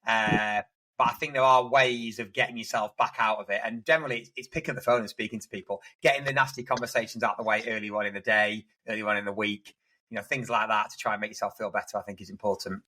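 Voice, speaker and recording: A man's voice: lowish voice, steady tone, fast, sharp tone, poor audio. A man co-hosting a casual podcast, telling rambling work anecdotes with lots of restarts. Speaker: podcast co-host, estate agent.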